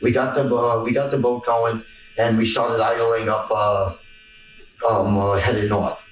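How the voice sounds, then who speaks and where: A man giving a rambling, halting account while being questioned by police, repeating himself often. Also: mid-range voice, level tone, a little hiss or hum. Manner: halting, repetitive, fills with "and stuff". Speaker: interviewee under police questioning. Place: police interview room. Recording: echoey, distant, phone-like archive footage.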